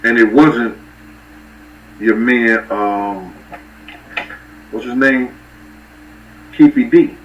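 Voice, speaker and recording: A New man hosts a relaxed livestream, spinning loose stories in street slang and calling out names from the chat. His voice sits at an everyday middle pitch and comes from a little way off the mic. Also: drawn-out words, pauses often, distant mic, slight background noise, rough recording. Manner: loose, rambling street-talk storytelling with shout-outs to viewers. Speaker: livestream host. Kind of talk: casual storytelling on a livestream.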